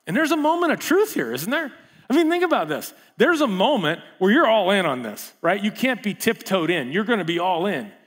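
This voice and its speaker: A man preaching a sermon in a casual, animated way, full of rhetorical questions and asides. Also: sits high, brisk.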